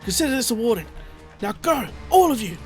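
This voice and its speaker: Stern guard captain voiced by a man, barks orders, high voice pushed harder. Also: big pitch swings, fairly quick, faint music behind. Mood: commanding. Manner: barking orders, commanding. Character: stern male city guard officer. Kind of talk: reading game dialogue aloud.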